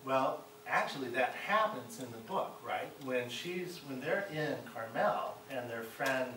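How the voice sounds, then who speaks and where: A man's voice: medium pitch, expressive, unhurried, noisy background. A middle-aged man from Chicago giving a classroom lecture as a guest speaker, often checking in with his listeners by asking "right?". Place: college classroom. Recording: echoey room, mic far off.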